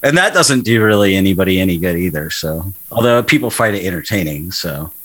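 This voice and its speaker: A man with a very low voice hosts a casual faith conversation. He talks earnestly, circling back with restarts and repeated words as he works through his point. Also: lively intonation, fairly bright tone. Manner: earnest, halting with many restarts. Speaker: podcast host.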